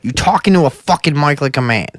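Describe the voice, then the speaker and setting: Man, talk show co-host, blunt and crude, mocking, fairly high voice, dry close mic. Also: expressive, quick pace, dry recording. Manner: blunt, mocking, swears heavily. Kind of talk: casual profane banter. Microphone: studio mic.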